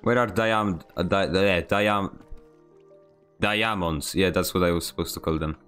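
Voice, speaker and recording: A man's voice: low-pitched, a little slow, fairly bright tone, clean tone, faint music behind. A man from Poland with a Polish accent, streaming a game and chatting with viewers in a rambling, self-deprecating way. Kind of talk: casual gameplay stream commentary.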